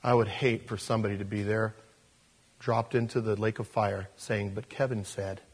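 Husky animated male preacher. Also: on the low side, normal speed. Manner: animated, swinging between loud emphasis and soft asides. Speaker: pastor. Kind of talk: sermon.

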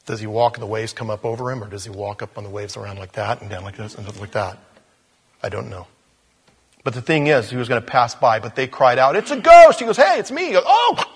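Husky-voiced man preaching in a hall. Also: fairly low pitch, fairly even intonation, fast talker, a bit bright. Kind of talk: sermon.

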